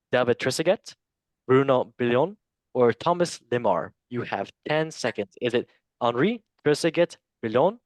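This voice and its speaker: A playful man runs a casual quiz among friends, joking as he fumbles foreign names. His voice bounces up and down in pitch. The sound is dry and close to the mic. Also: no room sound. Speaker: quiz master. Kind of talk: casual podcast quiz hosting.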